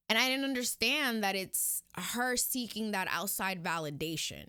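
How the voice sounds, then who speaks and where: Chatty woman with a smooth, dry voice. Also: a little high, lively intonation, moderate pace, hardly any pauses, sharp tone, no room sound. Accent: Hispanic Caribbean. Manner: chatty, rambling, addresses viewers directly. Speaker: vlogger. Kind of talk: casual personal vlog talk.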